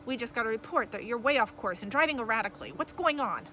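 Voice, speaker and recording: A woman voicing an angry male bus dispatcher barking loudly over a crackling two-way radio. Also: extremely high pitch, animated, quick pace, heavily acted. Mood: demanding. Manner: barking, loud and demanding.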